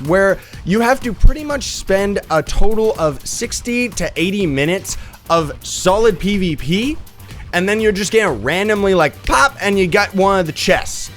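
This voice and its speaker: A young man with a rough, sick voice, hosting a gaming channel and explaining a game with upbeat, rambling talk. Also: high voice, lively intonation, normal speed, fairly bright tone, soft background music. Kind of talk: let's play tutorial commentary.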